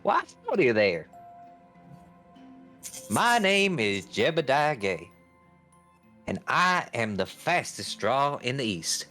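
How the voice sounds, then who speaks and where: A swaggering cowboy gunslinger with a put-on drawl, played by a man. His pitch leaps and swoops all over as he brags, with faint music underneath. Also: big pitch swings, slow, pauses often, bright, forceful tone, exaggerated voice. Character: brash cowboy gunslinger man, fastest draw.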